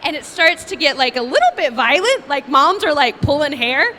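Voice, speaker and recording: A woman's voice: high voice, very animated, normal speed, sharp tone, in a large hall, slight background noise. A young woman, a voice actress, telling bubbly, self-mocking stories at a convention fan Q&A. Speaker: voice actress panel guest. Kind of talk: animated storytelling at a fan Q&A. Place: convention panel room.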